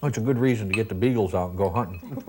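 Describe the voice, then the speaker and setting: An easygoing man chats casually at the table, chuckling between his remarks. His voice sits a little low and his delivery is relaxed and unhurried. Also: slight background noise. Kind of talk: casual chat.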